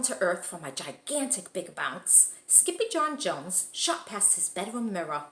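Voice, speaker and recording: A woman teacher reading a children's storybook aloud with expressive, animated narration. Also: medium pitch, unhurried, few pauses, reverberant.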